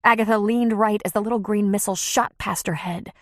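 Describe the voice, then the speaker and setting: A woman narrating an audiobook in an expressive, measured reading. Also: medium pitch, no echo, clean studio sound. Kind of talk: scripted narration.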